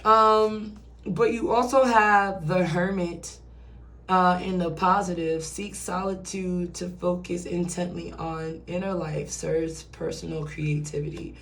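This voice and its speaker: A woman's voice: lowish voice, steady tone, slow, fairly bright tone. A woman giving a casual, chatty tarot reading who swears and acts out quoted voices. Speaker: tarot reader. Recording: roomy echo, distant from mic.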